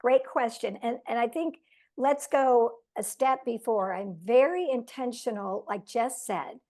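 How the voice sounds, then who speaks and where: A woman's voice: fairly high pitch, a little slow, a little mellow. A woman sharing tips on a coaching team call over a video link, earnest and self-deprecating.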